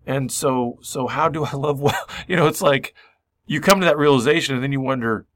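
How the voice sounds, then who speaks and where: A man's voice: medium pitch, a little fast, a bit bright, dry recording. A man co-hosting a radio program, talking in an emotional, searching way about recovery, with many restarts. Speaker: radio show co-host. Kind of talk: reflective conversation.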